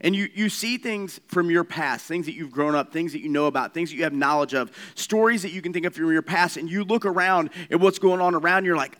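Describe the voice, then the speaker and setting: A man's voice: fairly high pitch, fairly quick, hardly any pauses, fairly bright tone. A man in his thirties, a pastor, giving a casual talk and acting out bits of dialogue as he goes. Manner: chatty, acts out dialogue, many restarts. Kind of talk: casual sermon-style talk.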